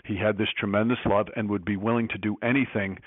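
Lower-voiced man on a tinny line. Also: fairly even intonation, quick pace, dry recording. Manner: reflective, storytelling. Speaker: guest, sports broadcaster. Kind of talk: casual interview.

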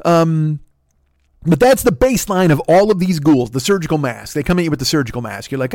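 A man's voice: fairly high pitch, expressive, fairly quick, darkish tone, no echo, studio quality. A man hosting a podcast, ranting in a rambling, profane way and sometimes slipping into voices and scat singing, a bit sniffly from a cold. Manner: rambling, swearing, breaks into impressions and scat singing. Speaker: podcast host. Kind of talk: profane solo comedy rant.

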